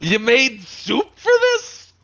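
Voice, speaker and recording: Brief: young male streamer, animated high voice, teasing banter. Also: takes it slowly, highs cut off, crowd noise. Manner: teasing, exasperated joking. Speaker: streamer co-host. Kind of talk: casual banter on a live game stream.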